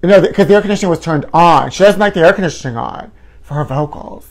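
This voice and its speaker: A man with a fairly high voice talks fast while parodying a flamboyant, self-adoring male gossip show host. His campy comedic monologue rambles dramatically, punctuated by sighs and groans.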